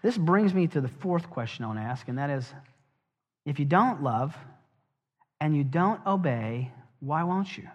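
Middle-aged male pastor, slightly higher voice, conversational sermon with dry jokes, long echo, muffled recording. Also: expressive, unhurried. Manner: conversational, asks the congregation direct questions; wry asides and humor. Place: church sanctuary. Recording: dull, long church reverb.

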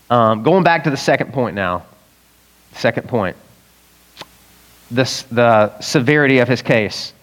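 A man preaching a casual, conversational sermon as a pastor, animated and acting out the voices of the people in the story. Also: mid-range voice. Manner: animated, acts out voices of Bible characters, chuckles often. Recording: long reverb of a church hall.

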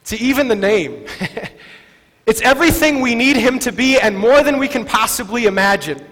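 A man's voice: very high voice, animated, moderate pace, a bit bright. A male pastor giving a sermon in a conversational way, often asking the congregation "right?" and laughing lightly, in a church hall. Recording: reverberant hall with faint music.

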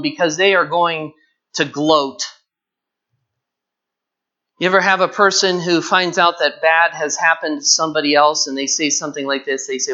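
This man's fairly high-pitched voice has a sharp tone as he works through a Bible passage verse by verse. He explains earnestly and dwells on key words, and the recording sounds dull and lo-fi.

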